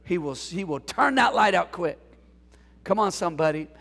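A male pastor preaches in an animated call-and-response style and jokes with his congregation. His voice sits high for a man and has a gravelly edge with some huskiness. The sound carries a long reverb from the church hall. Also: moderate pace. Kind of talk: sermon. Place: church sanctuary.

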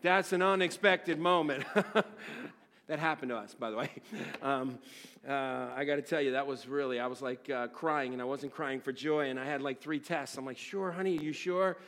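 A middle-aged man preaching a sermon, telling stories with animated bursts of excitement and dropping to quiet, somber tones. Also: mid-range voice, moderate pace. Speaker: pastor.

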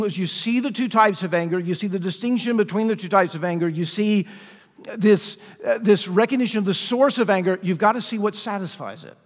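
A man with a high voice preaches to his congregation in a relaxed, conversational way. He keeps asking questions of his listeners. His voice rings out with a long reverb from the church around him. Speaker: pastor. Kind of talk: sermon. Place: church sanctuary.

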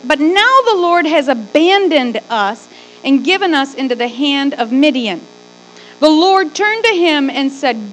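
High-voiced woman pastor preaching. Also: measured pace, faint music behind, rough recording. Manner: lively preaching with joking asides. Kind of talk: sermon.

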